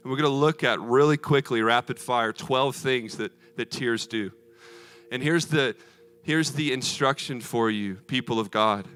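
A man's voice: medium pitch, unhurried, a bit bright, clean tone. A man preaching a sermon, earnest and emphatic with rhythmic repetition.

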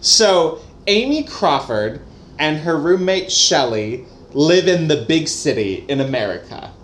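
A man's voice: a little high, a little slow, reverberant, a little hiss or hum. A man co-hosting a casual, jokey book-review chat. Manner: animated, jokey. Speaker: podcast co-host.

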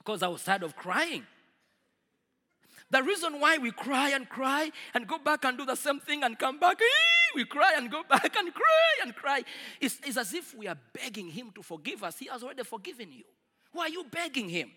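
A man preaching a sermon to a congregation, swinging from loud declarations to quiet asides. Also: very high-pitched, very animated, normal speed, long reverb tail. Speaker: pastor.

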